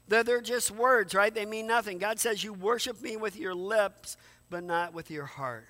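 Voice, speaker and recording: A man's voice: high-pitched, moderate pace, pushed and bright. A man preaching a sermon in a conversational way, often repeating words and asking rhetorical questions. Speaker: pastor.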